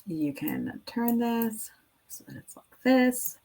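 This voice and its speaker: Slow, gravelly-voiced woman musing aloud. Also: fairly high pitch, sing-song. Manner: rambling, musing aloud with fillers, drifting into soft whispers. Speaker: teacher-creator making classroom activities. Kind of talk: casual work-with-me chat.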